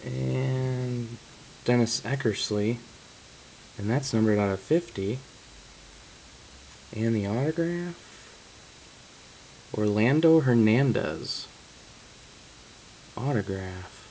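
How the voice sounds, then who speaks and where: A man talks slowly and unhurriedly through a card box opening at a middle pitch. He reads out each card and now and then bursts into amazed exclamations. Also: a little mellow, slight background noise, low-quality recording. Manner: reads out card names, breaks into stunned exclamations. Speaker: card collector opening boxes. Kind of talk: casual card-break commentary.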